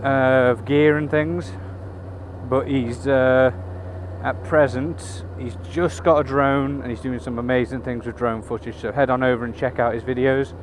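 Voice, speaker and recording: A man's voice: medium pitch, steady tone, a little slow. A man riding a motorbike in town, chatting casually into a helmet camera mic, swearing freely and making wry asides. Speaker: motorcycle vlogger. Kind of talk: casual chat while riding. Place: on a motorbike in city traffic. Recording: road and engine noise.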